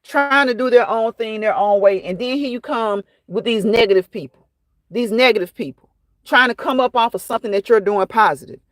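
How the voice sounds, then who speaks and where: A woman's voice: a little high, a little fast, dry recording. A woman hosting a casual livestream, chatting and fussing while she answers viewers by name. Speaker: livestream host reading chat.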